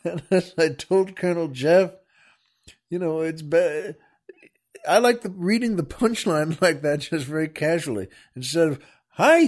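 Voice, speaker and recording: A male podcast host who tells a joke in a casual, rambling way, full of fillers and chuckles. His voice sits a little high and moves about lively.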